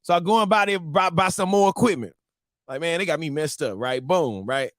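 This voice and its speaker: A married man hosting a live-streamed morning show, telling a story to his viewers in a casual, animated, slang-filled way. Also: a little high, a little fast, dry recording, clean studio sound. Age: adult, married.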